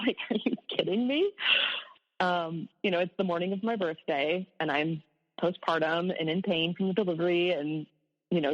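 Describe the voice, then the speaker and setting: A woman's voice: fairly low pitch, in a large hall, dull audio. A woman, an abuse survivor, telling her story candidly in an interview, with rueful laughs at hard memories.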